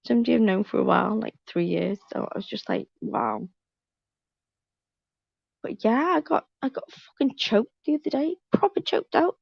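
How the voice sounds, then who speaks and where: A woman with a heavily gravelly, fry-laden voice, talking bluntly on a stream panel. Her sound comes through a dull, lo-fi online call with a dry, close feel. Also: fairly high pitch, sing-song, brisk, hardly any pauses, dry recording. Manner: blunt, emphatic, repeats herself. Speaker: panel guest on a live stream. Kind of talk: casual chat, storytelling.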